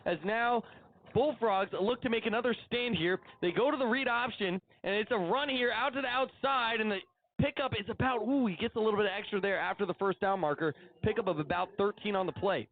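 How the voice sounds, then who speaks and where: A man calling play-by-play at a high school football game, chatty and excitable about the action. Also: fairly quick, narrow, tinny audio. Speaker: play-by-play announcer.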